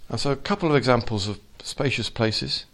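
A man preaching an informal sermon to a small fellowship, swinging from quiet asides to loud exhortation. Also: mid-range voice, a little fast.

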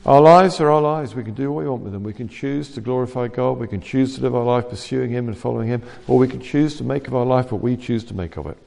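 A man preaching a sermon in a lively, conversational way with wry asides. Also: medium pitch, fast talker, vocal fry, hardly any pauses. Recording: long reverb of a church hall.

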